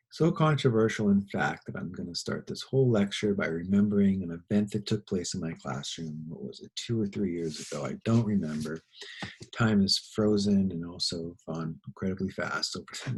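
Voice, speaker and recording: A middle-aged man, a high school teacher, giving a casual lecture in a rambling, animated storytelling way. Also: vocal fry, husky, poor audio. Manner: rambling, animated anecdotes with laughs.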